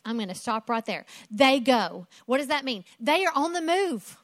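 High-voiced emphatic woman preacher. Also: animated, normal speed, few pauses, no echo. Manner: emphatic, rhetorical questions, repeating phrases. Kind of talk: sermon.

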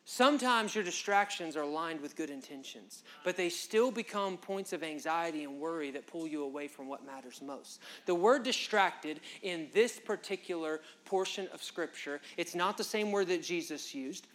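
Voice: medium pitch, animated, moderate pace, few pauses, a bit bright. Impassioned preacher delivering a sermon. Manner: impassioned, direct address to the congregation; conversational, folksy phrasing.

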